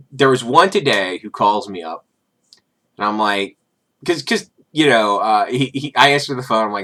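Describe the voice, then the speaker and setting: A man's voice: medium pitch, pushed and bright. A man vlogging in a casual, sarcastic and profane rant.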